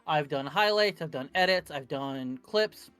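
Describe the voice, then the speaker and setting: A man's voice: a little high, animated, a little slow, fairly bright tone, clean tone, soft background music. A man chatting casually after a tabletop game session over a voice call, rambling with many fillers and self-corrections. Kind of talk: casual post-game chat. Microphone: computer mic on voice call.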